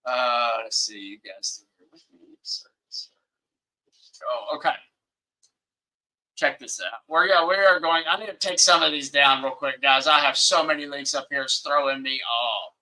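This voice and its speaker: A man's voice: mid-range voice, moderate pace, sharp tone, low-quality recording. A man with a Southern accent hosting a casual livestream, rambling and heated, often apologizing to his viewers. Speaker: livestream host. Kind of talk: casual live-stream commentary. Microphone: webcam setup.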